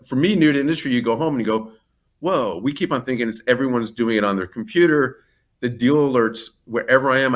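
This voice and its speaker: A man's voice: fairly low pitch, a bit bright. A man in a business interview, talking about his company in a rambling, enthusiastic way with many asides and restarts. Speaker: company CEO, interview guest.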